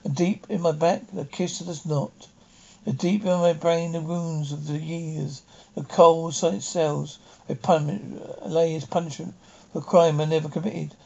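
A man's voice: fairly even intonation, a little slow, gravelly, warm tone, dull audio. A man voicing an insane, murderous male innkeeper who roars and gloats. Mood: raving. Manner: roaring, booming mad laughter.

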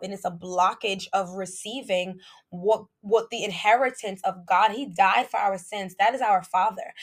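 A woman with giving a casual, preachy faith talk to her viewers, lively and playful with laughing asides. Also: medium pitch. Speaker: faith vlogger.

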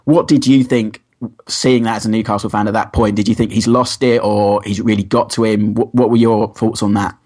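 A man with a lowish voice hosts the chat, putting questions to his guests in an easy, conversational way. He keeps things moving between them. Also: flat delivery, normal speed, a little mellow. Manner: asks questions, chatty. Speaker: podcast host. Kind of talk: casual podcast hosting.

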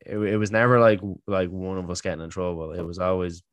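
A man's voice: low-pitched, steady tone, fast talker, clean tone, no room sound. A man hosting a casual chat with an old friend, laughing often and swearing freely. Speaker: podcast host.

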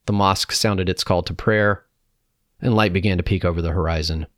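A man reading a personal reflection aloud in a calm, measured way. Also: deep voice, dry recording, studio quality. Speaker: narrator.

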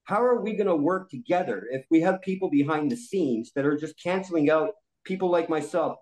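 A man's voice: fairly high pitch, lively intonation, fairly quick, a little mellow, low-quality recording. A man in his forties, a guest on a podcast roundtable, ranting angrily and swearing often. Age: 40s. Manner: angry, profane ranting. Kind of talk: heated podcast discussion.

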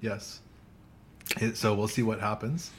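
A man's voice: fairly low pitch, steady tone, measured pace. A man hosting a casual tech chat show with a co-host, recorded in a coffee shop. He talks in a chatty way, laughs often and restarts his sentences. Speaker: podcast host.

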